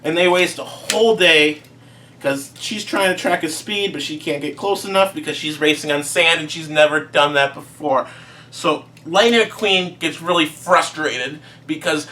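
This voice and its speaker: A man rattling through a comedic movie recap, rambling and playful. His voice sits high for a man and sounds a little distant from the mic. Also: moderate pace, sharp tone.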